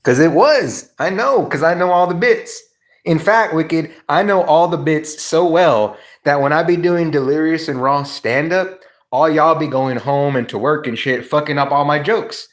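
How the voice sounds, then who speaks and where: A man's voice: fairly high pitch, normal speed. A man hosting a livestream, chatting casually and acting out comedy bits he knows by heart. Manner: animated, laughing, reciting comedy bits. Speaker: livestream host. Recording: roomy echo.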